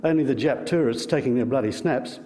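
A man with an Australian accent voicing a gruff, irritable older father who scoffs and complains. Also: mid-range voice, fairly quick, warm tone, long reverb tail, natural voice. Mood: grumbling.

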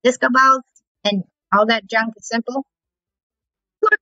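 A woman's voice: high-pitched, lively intonation, a little slow, long pauses, pushed and bright, no echo, highs cut off, faint music behind. Chatty young woman playing a game. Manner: playful, chatty, reacting aloud. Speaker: gaming channel host. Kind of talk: casual gameplay commentary.

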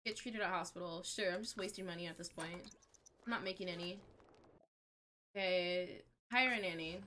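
A young adult woman streaming a game live, chatting with viewers and reacting aloud in an excitable, chatty way. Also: medium pitch, a little hiss or hum.

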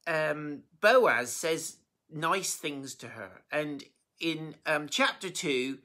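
Preacher, informal sermon, chatty storytelling, bright forceful tone, many ums and restarts. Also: medium pitch, very slow. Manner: chatty and animated, full of fillers and self-corrections; emotionally moved by the story.

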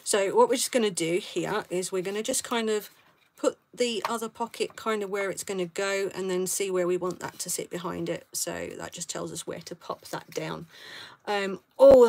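A woman's voice: lowish voice, steady tone, normal speed, darkish tone. A middle-aged woman from London with a southern English accent, chatting casually and rambling as she hosts a live craft stream, laughing often. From south of England, London. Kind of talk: casual chat while crafting.

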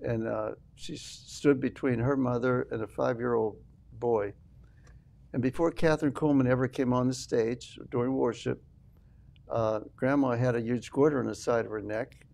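A man's voice: medium pitch, steady tone, normal speed, gravelly, darkish tone. An older man, a minister guest on an interview show, telling an earnest family testimony and acting out quoted dialogue. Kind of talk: storytelling testimony.

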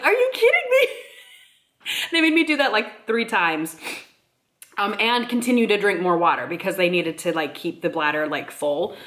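A woman's voice: medium pitch, a bit bright. A young pregnant woman in a casual vlog, chatting with many fillers and frequent laughs. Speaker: vlogger.

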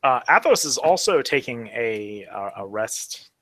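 Bright-voiced tabletop player. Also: male voice, medium pitch, very animated, a little slow. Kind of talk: casual tabletop play.

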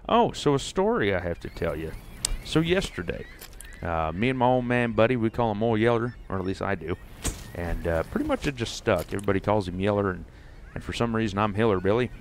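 Low-voiced casual guy gaming. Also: expressive, fairly quick, a little hiss or hum. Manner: rambling, folksy, lots of restarts. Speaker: gaming streamer. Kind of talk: casual gameplay commentary and storytelling.

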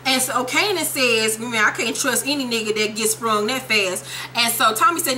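Brash, bright-voiced woman recapping with profanity. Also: fairly high pitch, slight background noise. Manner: profane, animated, quotes characters in quick voices. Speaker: TV show recapper. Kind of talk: comedic episode recap.

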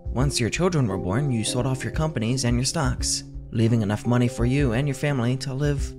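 A man's voice: mid-range voice, fairly quick, over music. Man narrating a tense story. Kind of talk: scripted second-person horror narration.

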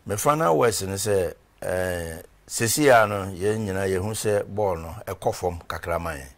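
A man's voice: deep voice, moderate pace. A man, a reverend and former footballer, talking as an interview guest in a rambling storytelling way and stopping to search for names. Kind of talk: conversational interview.

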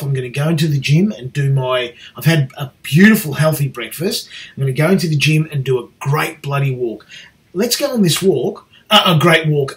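A middle-aged Australian man in a cheeky, jokey casual vlog, swearing lightly as he chats. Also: mid-range voice. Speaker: vlogger.

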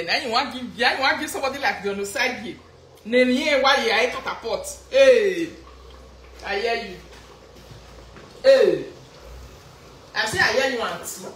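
A woman speaking Nigerian Pidgin, teasing and animated as she comments, laughing often. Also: a little high, normal speed, long pauses, reverberant, a little hiss or hum. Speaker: vlogger. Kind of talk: casual commentary vlog.

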